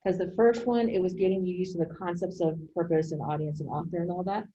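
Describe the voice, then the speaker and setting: A woman instructor lecturing her writing class over a video call, her voice mellow and warm. She talks in a loose, conversational way and keeps checking that her students follow along. A faint hiss sits under the sound. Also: on the low side, steady tone, fast, muffled recording. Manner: conversational, checks in with frequent "okay?".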